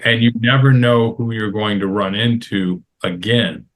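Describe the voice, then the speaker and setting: A man's voice: lowish voice, fairly even intonation, measured pace, a bit bright. Emphatic middle-aged man giving advice. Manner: emphatic, repeats phrases for stress, gives advice. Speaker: roundtable panelist. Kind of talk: casual roundtable discussion.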